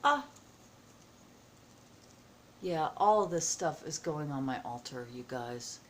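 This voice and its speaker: A woman vlogging at home as she opens happy mail, excited, gasping and halting with many fillers. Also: deep voice, a little hiss or hum. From United States. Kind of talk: casual vlog chat. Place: home, indoors.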